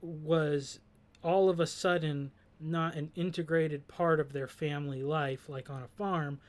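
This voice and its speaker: A man's voice: on the high side, steady tone, measured pace. A man reflecting on a song's lyrics in a thoughtful, hesitant way, with many fillers and restarts. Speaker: host discussing song lyrics. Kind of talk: reflective commentary.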